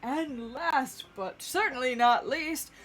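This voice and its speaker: A woman voicing a small fussy male groundhog announcer in a very high-pitched, squeaky voice, grandly addressing a crowd. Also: slow pace, a bit bright, full character voice. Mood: announcing.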